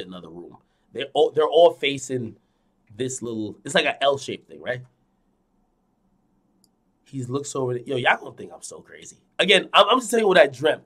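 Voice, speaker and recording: Young man, streamer recounting a dream, animated delivery, loud then hushed, lots of fillers and cursing. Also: medium pitch, slightly rough. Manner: animated, swings from loud to hushed, repeats phrases; frequent fillers and profanity. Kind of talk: casual storytelling to a live audience.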